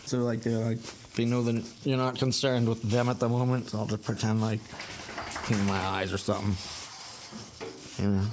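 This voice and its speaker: A man's voice: level tone, moderate pace, pauses often. Chatty dog-trainer man, noisy outdoors. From Massachusetts, USA. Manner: chatty, talks to the dogs in a high baby voice. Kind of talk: casual vlog narration.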